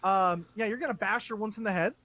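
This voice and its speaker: A man acting as dungeon master, narrating a tabletop game in a loose, halting way, with restarts and the odd curse. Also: high-pitched, pushed and bright.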